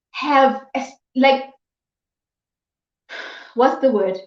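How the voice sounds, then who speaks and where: A woman's voice: sits high, a little mellow. A woman giving a motivational talk to her viewers, repeating phrases for emphasis and breaking into scolding exclamations. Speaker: motivational vlogger. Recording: echoey room, dull lo-fi sound.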